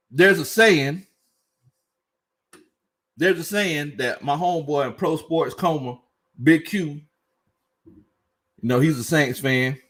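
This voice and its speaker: A young man hosts a relaxed sports live stream, reading viewer comments and joking along. His voice sits a little high for a man. He laughs easily and talks in a loose, slangy way. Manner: laughs often, reads chat comments aloud, slangy and playful.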